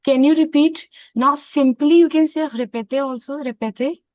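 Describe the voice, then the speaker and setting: A woman with an Indian accent teaching a French class, mixing in Hindi and repeating phrases slowly. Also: sits high, fairly even intonation, a little mellow, no room sound. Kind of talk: online classroom lesson. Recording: dull, dry lo-fi sound.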